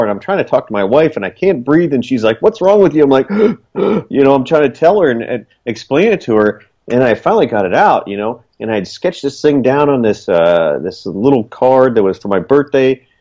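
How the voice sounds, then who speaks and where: A man's voice: mid-range voice, darkish tone. A man telling his story in casual, earnest talk, rambling with lots of fillers. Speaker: guest, small business owner. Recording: dull lo-fi recording.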